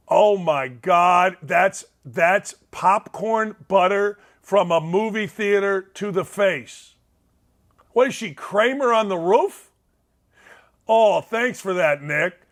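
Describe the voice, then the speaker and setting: Show host, male, with a high-set voice; blunt and wisecracking as he reacts to clips, given to shouted disbelief. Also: lively intonation, a little slow. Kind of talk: casual reaction commentary on viral clips.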